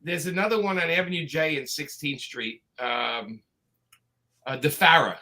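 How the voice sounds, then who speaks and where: Bright, high-voiced Brooklyn man. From Brooklyn, New York. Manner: talkative, opinionated, storytelling with quick asides. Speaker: guest comics creator. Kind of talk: casual live chat.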